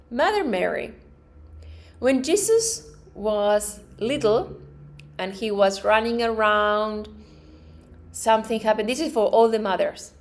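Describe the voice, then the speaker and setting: Slow-talking woman teaching metaphysics. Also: mid-range voice. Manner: earnest, acts out affirmations and everyday reactions; repeats words and restarts phrases. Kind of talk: spiritual teaching talk. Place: live event in front of a group.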